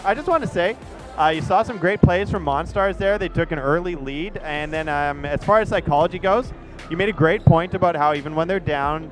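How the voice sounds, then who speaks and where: Excitable sports commentator, man. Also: fairly high pitch. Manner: jokey, excitable play-by-play.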